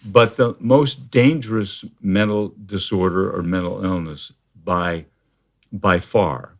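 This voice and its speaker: A man speaking as a therapist guest in a conversational interview, explaining at a measured pace with frequent fillers and restarts. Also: low voice.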